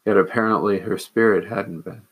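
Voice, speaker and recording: A man, a monk, telling a personal story in a measured, earnest way with hesitant pauses. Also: lowish voice, steady tone, breathy edge.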